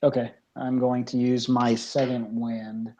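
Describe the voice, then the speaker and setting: A player in a tabletop role-playing game, talking about their turn in a quiet, matter-of-fact way. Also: mid-range voice, little pitch movement, measured pace, slight background noise. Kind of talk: casual chat while playing.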